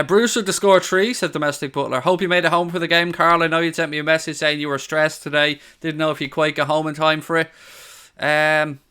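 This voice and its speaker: A man's voice: fairly high pitch, sharp tone, clean tone. An Irish man hosting a casual live football stream from his living room, joking, swearing and reading out viewer comments on a studio mic. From Ireland. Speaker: football channel host. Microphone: studio condenser mic on a stand.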